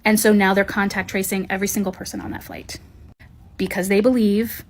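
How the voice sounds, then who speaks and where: Woman giving a brisk news update. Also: mid-range voice, little pitch movement. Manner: brisk, informative, sequential recounting.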